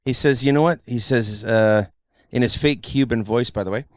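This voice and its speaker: Captured with a dry, close-miked sound, a middle-aged podcast host tells stories in a casual chat, bringing them to life by acting out quotes. He speaks at an ordinary speed in a mid-range voice, an animated and lively narrator.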